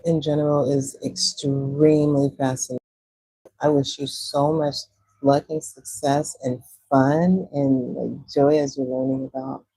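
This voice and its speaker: A woman's voice: deep voice, dark tone, poor audio. A woman from Texas with a Texan accent, chatting casually with viewers on a livestream and laughing often. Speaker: livestream host. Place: Puerto Rico.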